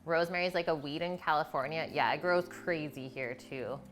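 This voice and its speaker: A woman's voice: sits low, a little fast, a bit bright. A woman hosting a live cooking stream from her home kitchen, chatting casually and explaining each step as she goes. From Canada.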